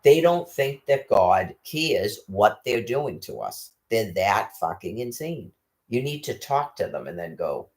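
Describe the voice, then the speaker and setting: Man, angry profane rant, lively swinging pitch, rhetorical questions. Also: unhurried. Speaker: ranting commentator.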